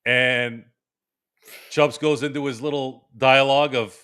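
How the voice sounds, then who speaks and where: A man in his forties, a podcast host, telling a long casual story, animated and full of restarts. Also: mid-range voice, a little slow, long pauses. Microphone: remote stream microphone.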